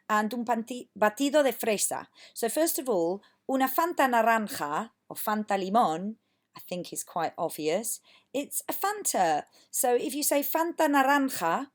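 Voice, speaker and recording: A woman teacher from England giving a recorded lesson, patient and encouraging, saying words for students to repeat. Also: a little high. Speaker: language teacher.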